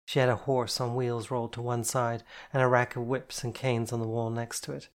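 An audiobook narrator giving measured first-person storytelling from a novel. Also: medium pitch, level tone.

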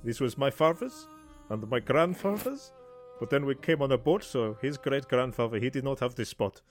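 A man's voice: medium pitch, animated, faint music behind, natural voice. A man hamming up a territorial Italian mafia boss. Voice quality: hammy fake Italian accent. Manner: territorial, drawn-out boasting. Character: pompous male mafia boss with mock Italian accent. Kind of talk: improvised comedy role-play. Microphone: online voice call.

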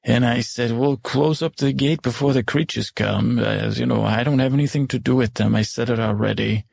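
A man improvising as an older, once-cruel stepmother, telling her story in a rambling, halting way and correcting himself as he goes. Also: mid-range voice, creaky, darkish tone, breathy edge, no room sound. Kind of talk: improvised first-person storytelling.

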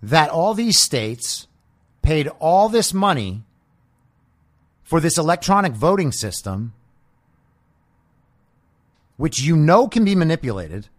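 Man, podcast host, combative profane rant, sarcastic rhetorical questions, lively swooping pitch. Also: slow pace, long pauses. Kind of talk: political podcast monologue.

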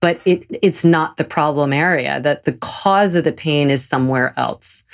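A woman's voice: low voice, creaky. A woman, a physical therapist hosting an interview, chatty and enthusiastic as she shares her own view and asks questions. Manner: enthusiastic and chatty, quick to agree. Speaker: physical therapist and podcast host. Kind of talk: casual conversational interview.

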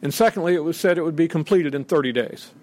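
A middle-aged man speaks from a podium in a public speech, emphatic and indignant, acting out quotes dramatically. His voice is fairly high and a little mellow, and he talks quickly.

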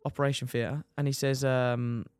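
A young man, a motorcycle racer telling his injury story on a podcast in lively, casual talk, swearing and dropping "mate" often. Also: mid-range voice, moderate pace, smooth, dry recording, studio quality.

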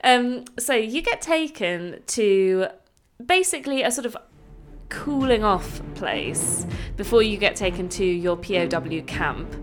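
A woman's voice: mid-range voice, lively intonation, measured pace, over music. A woman co-hosting a podcast, telling a history story in a chatty, playful way. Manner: chatty, playful, many fillers. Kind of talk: casual storytelling chat.

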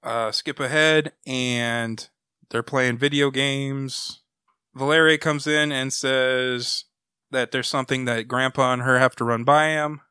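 A man's voice: medium pitch, steady tone, a little slow, bright, forceful tone, smooth, dry recording, clean studio sound. A man co-hosting a comic book podcast, casually recapping a story in a rambling way and acting out quotes as he goes. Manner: rambling plot summary with acted-out quotes.

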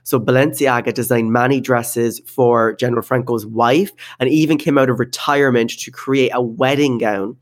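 A man's voice: mid-range voice, fairly even intonation, normal speed, hardly any pauses. A man co-hosting a podcast in casual chat, talking loosely with many fillers and frequent laughs. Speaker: podcast co-host.

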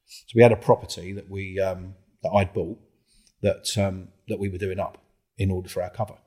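Man, ex-undercover cop, low husky voice, loose storyteller who swears a lot. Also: normal speed. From England. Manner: swears a lot, acts out other people's lines with lively quoted voices. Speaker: former undercover police officer, guest. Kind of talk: casual storytelling interview.

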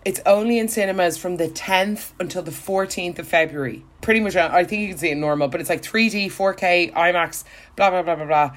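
A woman's voice: fairly low pitch, a little fast. A young woman, co-hosting a casual chat, talking with lots of fillers and frequent laughs. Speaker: podcast co-host.

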